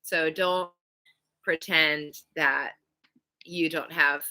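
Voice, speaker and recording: A woman's voice: deep voice, fairly even intonation, drawn-out words, pushed and bright. A woman in her thirties hosting a casual live question-and-answer chat, talking loosely with lots of "like" and "um". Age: 30s. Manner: chatty, many "like" and "um" fillers. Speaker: skating channel host.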